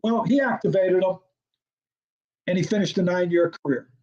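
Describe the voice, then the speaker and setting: A man's voice: high voice, moderate pace, highs cut off. An older man, a former football coordinator, telling a story as an interview guest and acting out the dialogue. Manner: animated storyteller, acts out quoted dialogue, laughs often.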